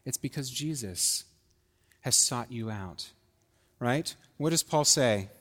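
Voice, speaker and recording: A pastor preaching in an easy, conversational way, with a voice of ordinary middle pitch. He puts questions to the congregation and plays out little dialogues. A long hall reverb trails after his words. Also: lively intonation, slow, fairly bright tone. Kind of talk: sermon.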